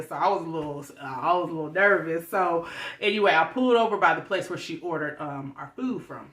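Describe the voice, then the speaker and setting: A young woman vlogger telling a story in a chatty, animated way, talking straight to her viewers. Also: low voice, brisk, reverberant.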